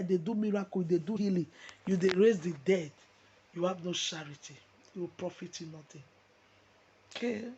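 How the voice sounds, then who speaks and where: A woman's voice: sits low, dark tone, a little hiss or hum. A woman with a Nigerian accent delivering an impassioned, repetitive preaching monologue. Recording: muffled lo-fi recording.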